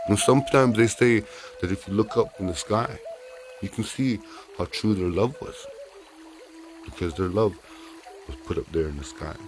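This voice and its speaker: Low-voiced male storyteller, unhurried. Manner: unhurried, repeats phrases, talks to listeners. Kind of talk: oral folk storytelling.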